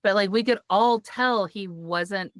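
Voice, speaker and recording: A woman's voice: mid-range voice, a little slow, no echo, clean studio sound. A woman hosting a podcast, chatting casually, telling stories and laughing often. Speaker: podcast host.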